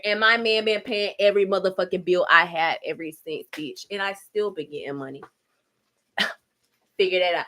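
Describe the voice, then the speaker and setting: A woman's voice: mid-range voice, a bit bright. A woman vlogger ranting candidly while she cooks in her home kitchen, blunt and heavy on profanity. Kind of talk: candid rant while cooking.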